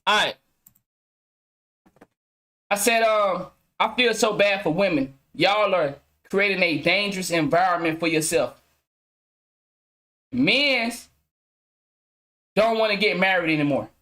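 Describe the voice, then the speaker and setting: A man's voice: sits high, lively intonation, slow pace, long pauses, pushed and bright. A man hosting his own podcast, ranting casually to viewers with loose slang, heavy cursing and frequent restarts. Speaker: podcast host.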